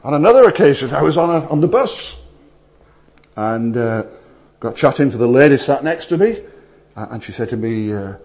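Male preacher, storytelling sermon voice with loud peaks and quiet asides, mid-pitched. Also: moderate pace, long pauses. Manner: animated storytelling, swings between loud emphasis and hushed asides. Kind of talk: sermon with anecdotes.

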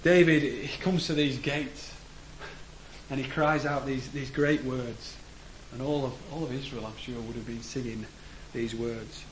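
A man preaching a sermon in a church, earnest, rising to emphatic declarations and letting phrase ends fall low. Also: steady tone, measured pace. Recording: echoey room with faint background noise.

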